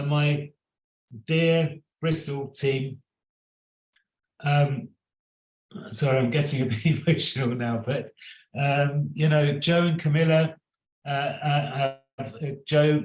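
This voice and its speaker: A man of middle pitch leads a project and gives a formal thank-you speech at an event. He halts often, filling pauses and repeating words as he goes. His voice sits in a roomy, echoing space. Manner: halting, with many repeated words and fillers. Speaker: project leader giving closing thanks. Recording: roomy echo.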